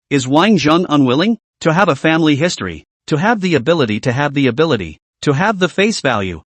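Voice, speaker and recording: A man narrating a comic story recap with lively storytelling. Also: fairly high pitch, no echo.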